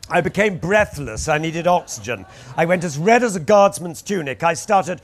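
A man's voice: fairly high pitch, animated, normal speed, hardly any pauses. A man narrating his memoir aloud with wry, anecdotal storytelling. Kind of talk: audiobook memoir reading.

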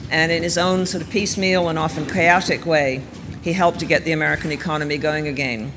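Male speaker with a slightly raised pitch for thoughtful history commentary, recorded with a lingering room echo. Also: fairly even intonation. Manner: thoughtful, measured, conversational storytelling. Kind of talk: explanatory history talk. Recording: reverberant room with faint background noise.

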